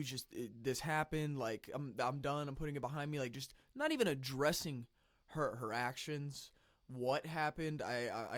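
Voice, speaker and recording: A man gives casual commentary in a mid-range voice, talking conversationally with restarts. He sounds a little phlegmy and clears his throat now and then. The recording is dry and close. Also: mid-range voice, dry recording. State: phlegmy from the cold. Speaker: commentary channel host.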